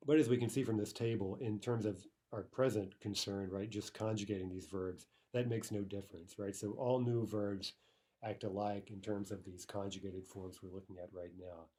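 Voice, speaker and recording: A man walks through a grammar lesson in a lowish, mellow voice, checking in with listeners by asking "right?" and "okay". He slows down carefully whenever he sounds out example word forms. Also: steady tone. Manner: explanatory, frequent "right?" and "okay". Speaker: language teacher.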